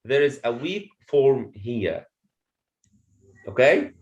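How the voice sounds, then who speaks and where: Slow, lively male English teacher. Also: mid-range voice, lo-fi sound. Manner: repeats phrases, checks understanding with "okay?". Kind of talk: classroom pronunciation lesson. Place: classroom with students.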